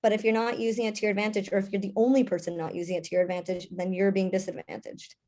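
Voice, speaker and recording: A young woman speaking as a panelist in a casual discussion, chatty with quick asides. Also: medium pitch, level tone, mellow. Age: young adult.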